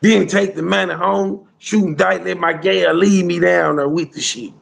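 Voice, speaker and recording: A man's voice: high voice, fairly even intonation, moderate pace, vocal fry. A man telling a rambling street story in casual slang, with lots of "bro" and "you hear me" along the way. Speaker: storyteller guest.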